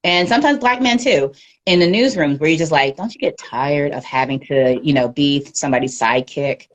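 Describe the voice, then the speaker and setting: A woman with a deep, low-set voice gives a candid livestream interview. She talks in an animated, unguarded way and laughs often. She is heard through a phone or webcam mic. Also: a little fast, dull audio. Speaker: guest media professional.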